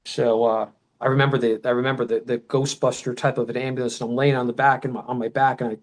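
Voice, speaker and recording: A middle-aged man, guesting on a podcast, relates a long personal memory in an emotional way with a typical mid-range voice. His delivery is flat and fast, on a rough recording, as he rambles, loops back, restarts, and shouts out loud quotes of what people said.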